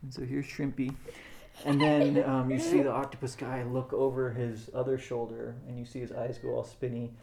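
A man's voice: mid-range voice, little pitch movement, moderate pace, creaky, a loud crowd. A man running a family tabletop game as game master, narrating playfully and often laughing.

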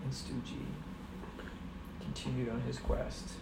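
A woman's voice: a bass voice, flat delivery, slow pace, creaky, warm tone, reverberant, recorded from a distance, slight background noise. Playful mother improvising a story. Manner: playful, rambling, laughs while telling. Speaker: mother telling a story to her kids.

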